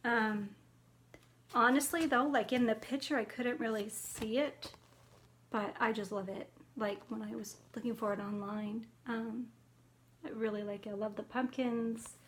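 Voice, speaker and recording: A middle-aged woman talks casually through her craft haul in a slightly high voice. She is chatty and excitable, and she rambles warmly from one thought to the next. A faint hiss sits under the recording. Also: a little slow. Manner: chatty and excitable, squeals about spiders. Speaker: cross-stitch vlogger.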